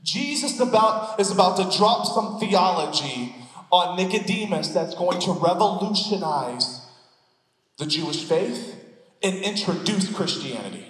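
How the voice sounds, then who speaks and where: Guy pastor preaching, high voice, jokey storytelling, big echoey church sound. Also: a little slow. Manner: animated storytelling with playful asides. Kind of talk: sermon. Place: church sanctuary.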